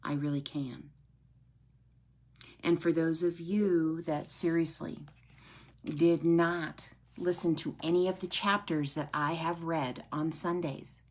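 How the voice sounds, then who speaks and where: A woman tells her own story to listeners who follow her, earnest and heartfelt, often checking in with them. Her voice sits on the low side for a woman, and she takes her time, speaking slowly and deliberately. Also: steady tone. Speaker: author sharing her story. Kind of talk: personal testimony to followers.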